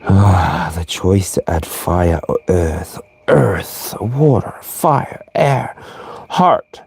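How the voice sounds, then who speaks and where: A man's voice: low-pitched, very animated, gravelly, darkish tone, breathy edge. A man giving a playful livestream tarot reading, breaking into song and laughter. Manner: playful, sings and laughs between slow readings. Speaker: tarot reader.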